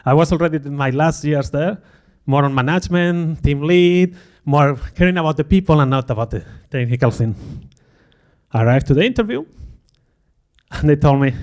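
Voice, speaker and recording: Animated man telling a conference story. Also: a little high, moderate pace. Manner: animated, self-deprecating, acts out quoted thoughts. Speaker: conference speaker. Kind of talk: conference talk, personal storytelling.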